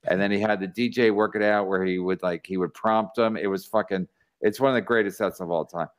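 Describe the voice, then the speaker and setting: A man's voice: on the low side, fairly even intonation, brisk. A man hosting a podcast in casual chat, swearing freely and stumbling over restarts. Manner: profane, stammering restarts. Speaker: podcast host.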